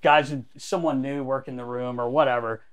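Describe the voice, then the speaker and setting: A man's voice: medium pitch, steady tone, moderate pace, smooth. A male podcast co-host telling stories with energy and acting out other people's lines. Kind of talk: animated storytelling.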